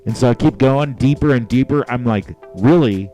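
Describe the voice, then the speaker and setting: A man's voice: mid-range voice, normal speed, faint music behind. A man co-hosting a casual chat show, telling a story with lots of swearing and acting out the voices of the people in it. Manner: animated storyteller, acts out voices of people in his stories; crude, swears freely. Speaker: podcast co-host.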